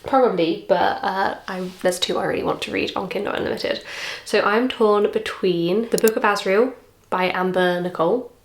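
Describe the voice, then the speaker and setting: Young English woman, bubbly vlogger chatter, roomy sound. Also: medium pitch. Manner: chatty and excitable, quick asides. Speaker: book vlogger. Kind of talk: casual chat to camera. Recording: echoey room.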